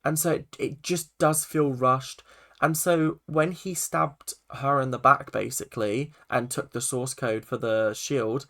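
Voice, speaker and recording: Rambling man with a gravelly voice. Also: mid-range voice, steady tone, a little slow, a bit bright. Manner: rambling, full of "like" and self-corrections. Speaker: film and TV reviewer. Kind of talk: casual spoken review.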